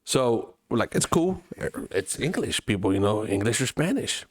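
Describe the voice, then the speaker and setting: A man from Mexico, co-hosting a podcast, telling a travel story with lively acted-out voices and plenty of swearing. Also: lowish voice, moderate pace, dry recording, clean studio sound. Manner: animated storyteller, acts out other people's voices, swears freely. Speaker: podcast co-host. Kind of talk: casual chat, storytelling.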